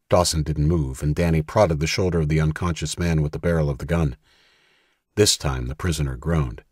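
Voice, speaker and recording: A male audiobook narrator with a deep, husky voice reads a tense thriller in a steady, measured way. The recording is close and dry, with no room sound at all. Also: dry recording. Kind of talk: scripted narration.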